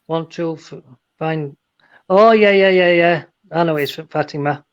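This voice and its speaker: Bloke rambling thru jokes, bit high voice, dull phone sound. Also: male voice, a little slow, smooth. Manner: rambling joke-telling with restarts. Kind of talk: casual chat.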